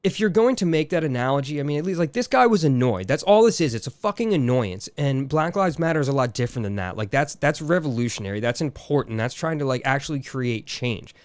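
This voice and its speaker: A man's voice: mid-range voice, expressive, fast, few pauses, no echo. Exasperated man rambling on a podcast. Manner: rambling, exasperated, lots of fillers and restarts. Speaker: podcast co-host. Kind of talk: casual chat.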